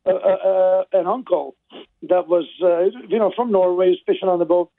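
A man's voice: sits high, steady tone, moderate pace, vocal fry. Man on a tinny phone line. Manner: hesitant, warm, rambling storyteller. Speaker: guest on the phone. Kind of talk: casual phone interview.

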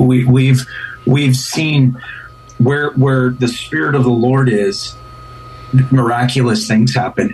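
A man's voice: medium pitch, distant mic, a little hiss or hum, poor audio. A man who is a pastor, speaking as a guest in an earnest, casual interview, often repeating and restarting words.

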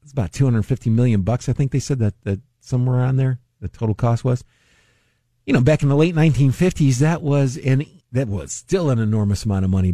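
A man's voice: medium pitch, warm tone, no room sound, studio quality. A man hosting a finance radio show, talking casually and laughing often at his own jokes. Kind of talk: casual solo talk.

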